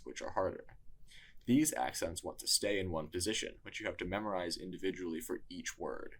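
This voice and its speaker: A man narrating a scripted lesson in a measured, explanatory way. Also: low voice, creaky, a bit bright. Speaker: tutor.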